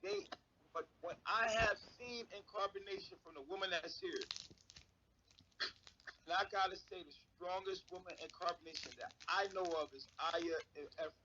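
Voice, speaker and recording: A man's voice: high-pitched, normal speed, sharp tone, muffled recording, a little hiss or hum. A man on a live stream talking bluntly and emphatically, swearing often. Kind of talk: casual live-stream talk.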